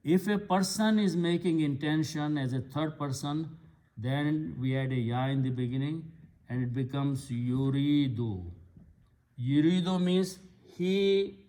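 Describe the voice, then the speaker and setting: A man's voice: medium pitch, steady tone, a little slow, dark tone. A man giving a patient, step-by-step lecture on Arabic grammar and vocabulary. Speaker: Quran Arabic teacher. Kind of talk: slow explanatory lecture.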